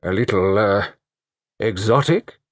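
A man reading a tactful middle-aged gentleman. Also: lowish voice, no room sound, clean studio sound. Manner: measured, tactful. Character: mild, cautious middle-aged English gentleman.

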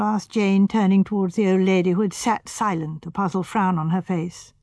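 A woman narrating a mystery audiobook in a measured, clear way. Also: mid-range voice, steady tone, a little mellow, no room sound. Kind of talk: scripted narration.

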